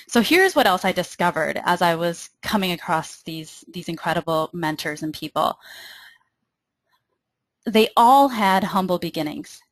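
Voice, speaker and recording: A woman's voice: fairly low pitch, no room sound. A young adult woman with a Minnesotan accent, presenting a marketing webinar in an upbeat, persuasive way and speaking straight to her listeners.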